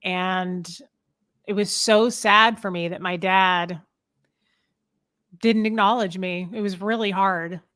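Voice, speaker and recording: A woman's voice: medium pitch, fairly even intonation, slow pace, pauses often, a bit bright. A woman speaks as an interview guest, her talk loose and rambling with plenty of "like" and "um". She sounds emotional and earnest as she tells her story.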